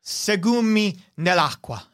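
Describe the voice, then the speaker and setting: A man's voice: high-pitched, animated, measured pace, fairly bright tone, no echo, studio quality. A man voicing an exhausted, hurt stranger who pleads insistently, repeating himself. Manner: weary, repeating short pleas.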